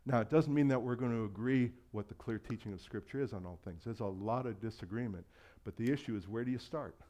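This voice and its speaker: A man preaches a sermon in a loose, conversational way, slipping into quoted voices and laughing along the way. His voice sits at an average pitch for a man. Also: fast, dark tone. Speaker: pastor.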